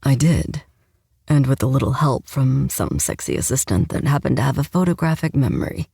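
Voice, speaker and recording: A woman voicing a commanding, protective male enforcer who speaks in a measured, formal way for an audiobook. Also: extremely low pitch, sing-song, gravelly, dark tone, husky, no room sound, studio quality, voice pushed down, exaggerated voice. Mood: calm, firm. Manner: measured, formal, unhurried speech. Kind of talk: audiobook narration.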